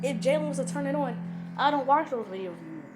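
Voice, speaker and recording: A woman's voice: sits high, lively intonation, quick pace, music in the background, poor audio. A woman channel host talking to her viewers from home in a rambling, repetitive, emphatic casual rant.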